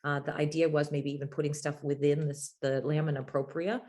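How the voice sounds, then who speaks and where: A woman's voice: sits low, little pitch movement, brisk, warm tone. A woman laryngologist giving a medical grand rounds lecture, explaining things step by step with frequent fillers.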